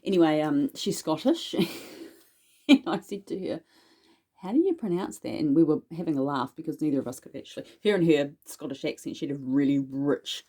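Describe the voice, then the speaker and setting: A woman's voice: low voice, dark tone, breathy edge. A woman chatting casually in a haul vlog about her witchcraft purchases, rambling and self-deprecating as she goes. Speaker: witchcraft vlogger.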